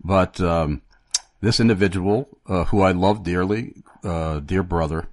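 A man hosting Christian radio talk, reflective and halting, with many fillers. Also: low voice, a little mellow, no room sound.

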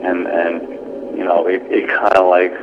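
Earnest man telling a story over muffled radio. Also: low voice. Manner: earnest, reflective, halting with many fillers. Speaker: interview guest, former police sergeant. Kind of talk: personal storytelling in a radio interview. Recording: muffled radio audio with steady background noise.

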